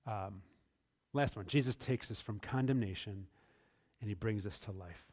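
A man preaching a Good Friday sermon to his church, swinging between soft, hushed passages and emphatic, raised lines. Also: lowish voice, moderate pace. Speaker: pastor.

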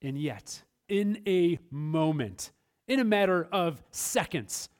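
A man's voice: a little high, animated, slow. Male pastor preaching with soaring dynamics. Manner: dynamic preaching, swinging between soft and emphatic. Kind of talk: sermon.

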